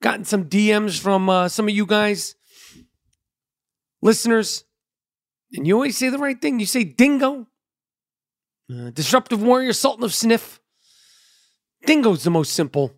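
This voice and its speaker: A man's voice: high-pitched, lively intonation, measured pace, pauses often, no echo, studio quality. A middle-aged man hosting a podcast, rambling in a loose, profane, streetwise monologue. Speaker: podcast host. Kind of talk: casual monologue.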